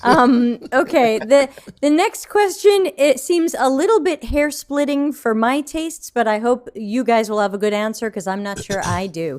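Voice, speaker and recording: A woman hosting a casual online Q&A panel on a video call, joking and handing questions to her panelists. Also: fairly high pitch. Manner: lively, joking, hands the floor to panelists. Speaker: panel host.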